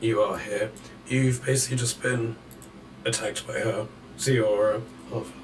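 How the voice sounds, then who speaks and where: A man running a tabletop game as dungeon master, calling out the action in a measured play-by-play. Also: on the low side, steady tone, far from the mic, a little hiss or hum, low-quality recording.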